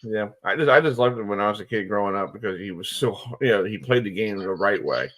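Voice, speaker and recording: A man hosting a sports radio show, chatting casually and telling stories in a rambling, excitable way with lots of fillers. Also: lowish voice, quick pace.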